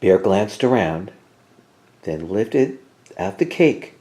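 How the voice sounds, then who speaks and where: A man reading a children's picture book aloud, expressive and animated. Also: fairly low pitch, slow. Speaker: storyteller. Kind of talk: children's story read-aloud.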